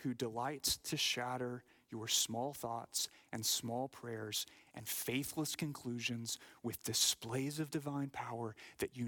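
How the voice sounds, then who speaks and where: Emphatic preaching man, bright voice. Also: on the high side. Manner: emphatic preaching, drops to hushed whispers for effect; stammers and repeats words. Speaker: pastor. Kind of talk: sermon.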